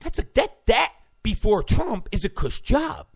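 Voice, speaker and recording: A man's voice: sits high, sing-song, unhurried, vocal fry. A man ranting sarcastically as a political commentator, mocking and full of insults.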